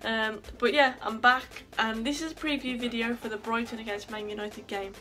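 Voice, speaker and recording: A British woman hosting a football fan video, a little hoarse from being ill, chatty and upbeat. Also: on the high side, fairly even intonation, normal speed, pushed and bright. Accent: British English. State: hoarse from illness. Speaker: podcast host.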